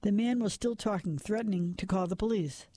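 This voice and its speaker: High mellow man narrating noir. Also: dry recording. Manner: measured, drops to a whisper at tense moments.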